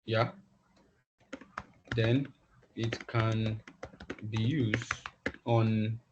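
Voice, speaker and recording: A man teaching a class online, talking in halting phrases and often repeating words as he thinks aloud. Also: on the low side, level tone, noisy background. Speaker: instructor. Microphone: video call. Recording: dull lo-fi video call audio.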